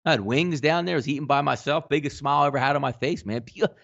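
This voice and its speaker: A man's voice: a little high, fast, vocal fry, a bit bright, dull audio. A man appearing as a guest on a sports betting show, chatting casually and gushing effusively as he tells stories. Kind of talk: casual podcast banter.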